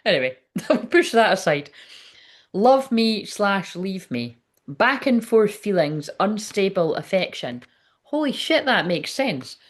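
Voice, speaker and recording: A woman's voice: medium pitch, big pitch swings, takes it slowly. A woman giving a casual tarot reading, chatty and frank, swearing often and laughing as she talks. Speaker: tarot reader.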